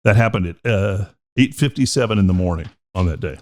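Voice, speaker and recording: A man's voice: sits low, a little fast. A middle-aged man, a podcast host and former radio DJ, telling rambling, profane stories in casual chat.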